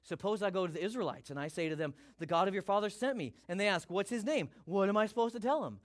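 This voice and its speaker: A man's voice: high voice, lively intonation, quick pace. A man voicing an insecure, doubting older man who pleads and hesitates. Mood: doubtful.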